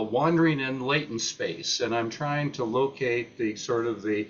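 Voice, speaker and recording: An older retired professor gives an unscripted talk at a meeting, hesitant and halting, filling it with "uh"s and restarts. His mid-range voice has a fairly bright tone, though the lo-fi audio sounds slightly dull.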